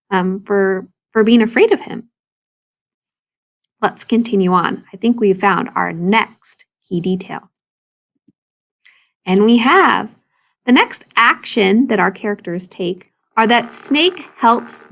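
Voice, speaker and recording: A woman's voice: mid-range voice, a bit bright. A woman teacher reading a story aloud and explaining it to children in a video lesson.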